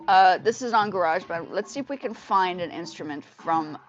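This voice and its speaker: Woman, casual livestream host, chatty and self-correcting, mid pitch, dull headset audio with faint music behind. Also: a little fast. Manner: chatty, talks to viewers, restarts phrases. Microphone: headphone mic. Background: faint music playing.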